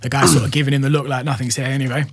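Husky London man telling a story. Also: medium pitch, very fast. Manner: animated, laughing, slang-heavy, says "bro" often. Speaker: podcast guest. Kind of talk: casual storytelling.

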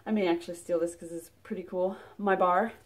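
A woman reviewing a subscription box in a casual unboxing vlog, chatty and rambling with lots of fillers and restarts, getting excited as she pulls out items. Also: fairly low pitch, brisk. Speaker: product reviewer.

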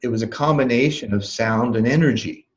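A man being interviewed as a life coach, recounting a memory in a calm, thoughtful way with soft laughs and restarts. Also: medium pitch, brisk, dull audio. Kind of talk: reflective interview storytelling.

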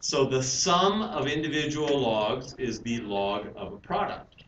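A man's voice: mid-range voice, very animated, a little slow, fairly bright tone, dull audio. Man teaching math in an echoey classroom. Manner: explains step by step, asks the class questions. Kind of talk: classroom lecture. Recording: roomy, distant classroom mic with hiss.

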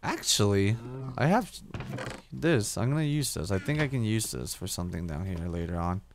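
A man's voice: lowish voice, animated, moderate pace, a little hiss or hum. A young man commentating his own game play, talking to himself, swearing often and repeating words when he panics. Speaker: gaming YouTuber. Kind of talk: casual let's-play commentary.

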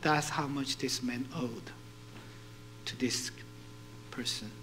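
A male pastor preaching a sermon, animated and putting questions to his congregation. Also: mid-range voice, slow, a little hiss or hum, poor audio.

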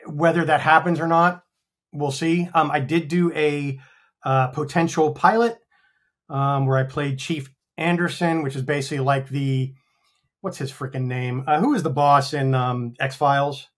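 A man's voice: fairly high pitch, steady tone, measured pace. An American man of fifty, talking frankly in a casual interview, rambling with many ums and swearing freely. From United States. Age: 50s. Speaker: actor guest.

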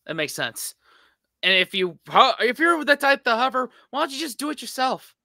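A man's voice: extremely high pitch, very animated, normal speed, vocal fry, bright, forceful tone, no room sound, clean studio sound. An American man co-hosting a reaction video, chatty and agreeable. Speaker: reaction channel co-host. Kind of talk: casual reaction chat.

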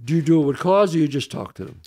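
A man hosting a casual interview, chatting with quick reactions and questions. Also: on the high side, lively intonation, mellow, breathy edge. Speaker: talk show host.

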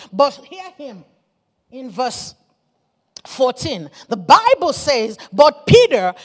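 A woman preaching a fiery sermon, repeating her phrases and rising to shouts. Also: sits high. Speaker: apostle preaching.

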